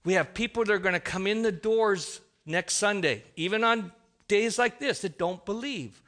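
A man's voice: high voice, moderate pace, fairly bright tone. A man preaching a sermon, emphatic, often restarting his sentences.

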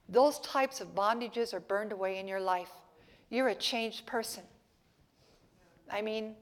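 A woman pastor preaching a sermon in church, swinging between soft, playful asides to the congregation and loud, emphatic passages. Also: mid-range voice.

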